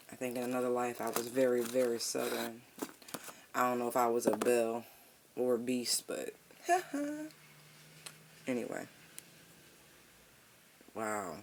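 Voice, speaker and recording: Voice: medium pitch, background noise. A tarot reader giving a casual, slangy reading, humming and musing aloud as cards come up. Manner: relaxed, slangy and profane, with drawn-out hums while pulling cards.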